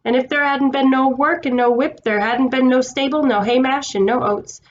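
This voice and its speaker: A woman voicing a gruff working-class cab driver in a storybook reading, blustering and indignant. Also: sits high, fairly even intonation, normal speed, lo-fi sound, a little hiss or hum, pitched above the performer's own voice, lightly acted. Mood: defensive.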